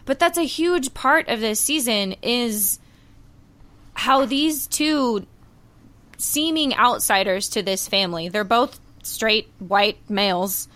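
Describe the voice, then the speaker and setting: A woman co-hosting a podcast, warmly retelling a TV scene in a casual, emotional way with many fillers. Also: on the high side, slow pace. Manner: emotional, animated storytelling with fillers. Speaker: podcast co-host. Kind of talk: casual chat reviewing a TV series.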